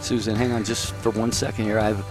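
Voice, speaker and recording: A man's voice: fairly low pitch, brisk, over music. A man hosting a religious call-in radio show, thanking callers and leading into breaks. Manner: warm, steady, takes calls and reads out the phone number.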